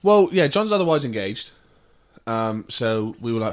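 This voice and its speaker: A man from England tells a story in loose podcast chat, quick to swear and quick to slip into voices for the people in it. His pitch sits in the ordinary middle for a man. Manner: animated storyteller, swears often, mimics people he describes. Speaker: podcast co-host.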